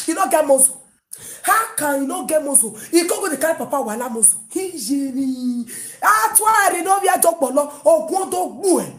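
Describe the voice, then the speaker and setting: A woman with a Nigerian Pidgin accent hosting an online gossip show, mocking loudly and breaking into sung chants. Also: high-pitched, sing-song, normal speed. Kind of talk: animated gossip commentary. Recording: echoey room.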